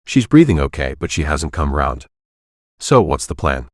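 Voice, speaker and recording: A man's voice: a bass voice, big pitch swings, normal speed, no room sound, studio quality, exaggerated voice. A man voicing a blunt, frank young woman, the hero's daughter, in an audiobook.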